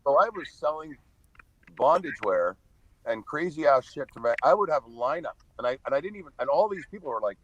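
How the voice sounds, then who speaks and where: A man's voice: on the high side, sing-song, fast talker, sharp tone, a little hiss or hum, poor audio. A middle-aged man tells stories as a podcast guest, blunt and profane, often laughing. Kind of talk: casual storytelling.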